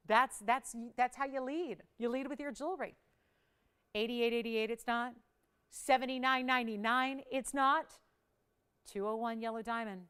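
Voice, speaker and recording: Shopping channel host, woman, fairly high and smooth voice, upbeat persuasive price countdown. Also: fairly bright tone. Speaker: jewelry shopping show host. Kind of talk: live TV shopping sales pitch.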